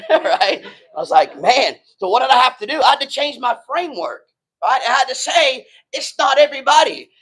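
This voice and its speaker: Male pastor, strikingly high pitch, casual preaching style that keeps asking the room if they follow. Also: fairly bright tone, poor audio. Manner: emphatic, conversational preaching with frequent "right?" and "man". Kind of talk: sermon.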